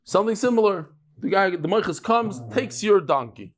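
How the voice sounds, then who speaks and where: Animated man teaching Talmud. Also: high voice, normal speed. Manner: animated storytelling, mixing English with Hebrew and Yiddish terms. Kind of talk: lively Talmud class lecture.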